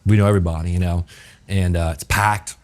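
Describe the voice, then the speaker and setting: A middle-aged man from New Orleans spins a long story in a low, deep voice, with a New Orleans accent. He rambles and swears freely and fills every pause with "you know" and "I'm like.". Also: steady tone, a little mellow. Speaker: chef telling his story as a guest. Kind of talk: casual storytelling.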